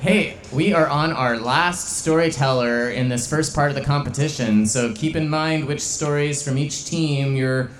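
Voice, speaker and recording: A man's voice: on the high side, measured pace, hardly any pauses, slight background noise. Man hosting a storytelling show in an echoey room. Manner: relaxed banter with a co-host. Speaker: host. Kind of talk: live event hosting.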